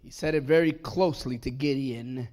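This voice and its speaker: A male pastor preaching a sermon at a church service. He swings from hushed near-whispers to loud shouts, with long dramatic pauses. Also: medium pitch.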